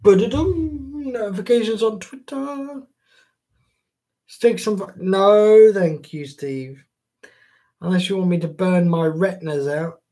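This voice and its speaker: A male live streamer talking loosely to his viewers. He jokes around and swears casually. His voice sits a touch high, and he takes his time. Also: unhurried, pauses often, mellow. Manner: chatty and jokey, swears casually.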